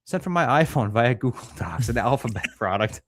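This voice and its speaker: A young man co-hosts a casual livestream, reading viewer superchats aloud and firing back crude jokes. His medium-pitched voice is animated and moves at a moderate pace, captured in studio quality with no echo.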